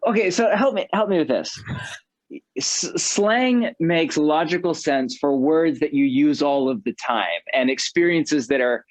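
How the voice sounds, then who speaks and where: An American man, a guest author, talking in a casual interview in an animated, chatty way full of fillers. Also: fairly high pitch, measured pace, no room sound. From United States.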